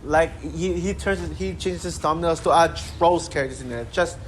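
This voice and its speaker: A man's voice: on the high side, moderate pace, a little hiss or hum. A man ranting unscripted to his channel, exasperated and rambling, with many fillers and restarts. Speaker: channel host ranting about a critic. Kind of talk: unscripted rant to camera.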